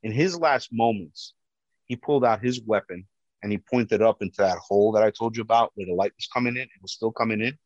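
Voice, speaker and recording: A man with a big, loud voice, a police officer giving personal testimony. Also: lowish voice, a little fast, no room sound. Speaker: police officer telling his story. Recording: dull, dry lo-fi recording.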